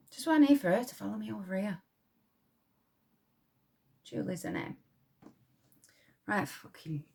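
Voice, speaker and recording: An actress playing a blunt, defiant young wartime munitions worker with a Yorkshire accent, who swears freely and talks with scorn. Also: female voice, medium pitch, creaky, slightly rough, exaggerated voice. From Yorkshire, England. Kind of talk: dramatic monologue.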